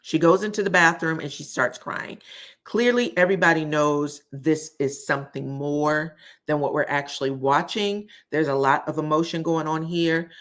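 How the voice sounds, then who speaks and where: Woman vlogger with a lowish voice, chatty and opinionated, recapping reality TV for her followers. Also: moderate pace, a bit bright. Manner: chatty and opinionated, addresses viewers as "y'all". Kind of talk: casual recap vlog.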